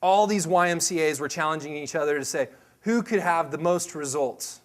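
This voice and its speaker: A man in his thirties leading a staff meeting, telling a personal story in a loose, animated way and acting out other people's voices. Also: a little high, moderate pace. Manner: loose and rambling, many fillers and restarts. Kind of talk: storytelling talk to a team meeting.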